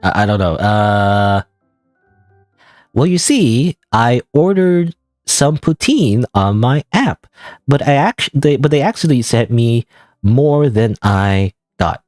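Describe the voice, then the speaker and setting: A man's voice: mid-range voice, big pitch swings, takes it slowly, darkish tone, dry recording, faint music behind. A man streaming a game live, giving casual, rambling, self-deprecating commentary full of "you know" and "I don't know.". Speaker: gaming streamer.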